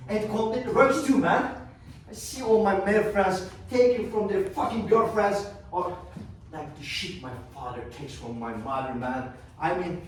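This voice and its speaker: A man's voice: sits high, slight background noise. A man playing a profane, rattled young man. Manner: profane, rambling, restless. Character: cocky, rattled young man ranting about family. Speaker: stage actor performing a monologue. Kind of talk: theatrical monologue. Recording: echoey room, mic far off.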